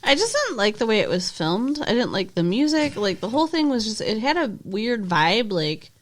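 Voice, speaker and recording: A woman with a lively, swooping voice, chatting on a movie podcast. She is opinionated and casual, and often laughs along with her co-host. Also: a little high, moderate pace, slight background noise. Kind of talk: casual movie review chat.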